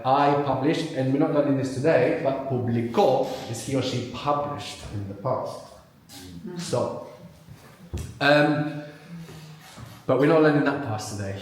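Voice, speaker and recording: A man leads a live language workshop in a very echoey hall, his voice bouncing around the room. He is animated, drawing words out slowly and repeating them so they sink in. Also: mid-range voice. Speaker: language teacher. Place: large echoey venue with live audience.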